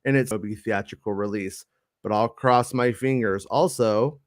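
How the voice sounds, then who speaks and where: A man's voice: lowish voice, a little slow, no echo, clean studio sound. A man hosting a casual chat show, rambling and joking with many fillers and restarts. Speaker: podcast host.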